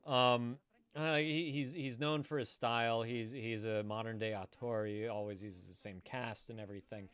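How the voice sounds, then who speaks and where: A young man hosting a casual live stream from California, swearing often and swinging from loud excited outbursts to quiet mumbling. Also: medium pitch, smooth. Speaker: livestream host.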